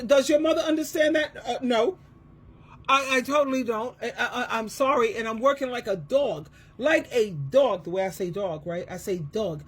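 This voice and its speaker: A middle-aged woman, an advice coach and Christian counselor, talking in an emotional monologue, emphatic and repetitive, swinging from loud to soft. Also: high voice, breathy edge.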